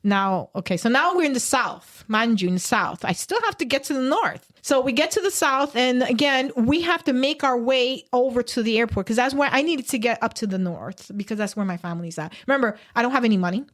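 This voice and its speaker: Talking a bit quickly with few pauses, a podcast guest with a fairly high voice tells an emotional story from her own life. She brings it to life by acting out each person she quotes.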